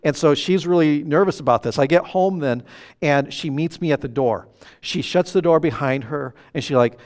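Man, pastor, sermon, animated storytelling, higher-pitched voice. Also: moderate pace. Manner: animated, storytelling with acted quotes.

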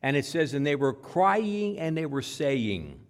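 A man preaching a sermon in church, animated, repeating words and acting out the quotes. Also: on the high side, a little slow. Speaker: pastor. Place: church with microphone.

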